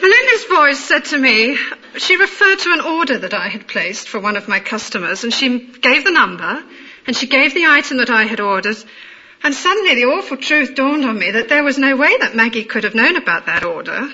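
A woman with a middle-class London accent tells a personal anecdote in a measured, amused way. Her voice is fairly high and bright. The recording is dull and lo-fi. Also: lively intonation, breathy edge. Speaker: storyteller. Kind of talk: personal anecdote told aloud.

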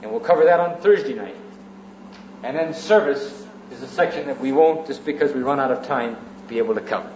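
A man's voice: medium pitch, expressive, brisk, darkish tone, slight background noise. A man preaching an evening sermon in a church, teaching in orderly sections and repeating key phrases for emphasis. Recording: roomy, muffled church recording.

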